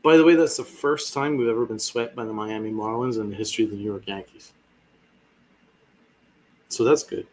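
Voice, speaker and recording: A man's voice: fairly low pitch, a little fast, pauses often. A man hosting a sports podcast, ranting with fiery sarcasm and heavy swearing. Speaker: podcast host.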